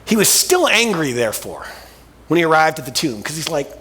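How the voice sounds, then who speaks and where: A man's voice: fairly high pitch, very animated, a little fast, sharp tone, husky, big-room sound. A male pastor preaching a sermon in a casual, colloquial storytelling way, full of vivid everyday asides. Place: church sanctuary.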